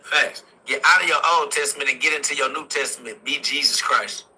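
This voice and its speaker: A man's voice: mid-range voice, fairly even intonation, brisk, bright, forceful tone, slightly rough, rough recording. A young man giving an impassioned, preaching-style motivational talk, driving points home with repeated exhortations. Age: young adult. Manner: repetitive exhortations punctuated with "facts". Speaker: motivational speaker.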